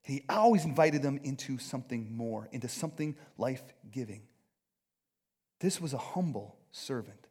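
A man preaching a conversational sermon, animated, acting out quotes and often checking in with his listeners. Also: medium pitch, normal speed, breathy edge. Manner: animated, acts out quotes, keeps asking "right?". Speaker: pastor.

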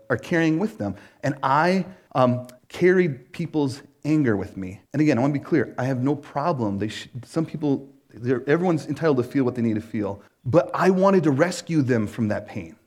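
A man preaching a casual sermon as a pastor, telling a personal story in an animated way, full of "like" and "right?". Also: mid-range voice. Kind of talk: conversational sermon.

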